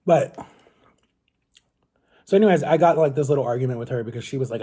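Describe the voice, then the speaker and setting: Husky, mellow-voiced young man vlogging. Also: mid-range voice, fast, long pauses. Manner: earnest and rambling, with many restarts. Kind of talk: casual talk to camera.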